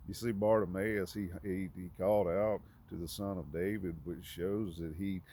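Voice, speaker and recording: A man giving an informal, conversational sermon, halting often with fillers and restarts. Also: sits low, fairly even intonation, warm tone. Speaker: preacher.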